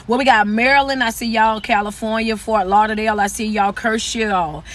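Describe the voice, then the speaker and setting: Loud, high-voiced man preaching motivation. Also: fairly even intonation, slight background noise. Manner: loud, fast, aggressive, commanding delivery. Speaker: motivational speaker. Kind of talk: live-stream motivational talk.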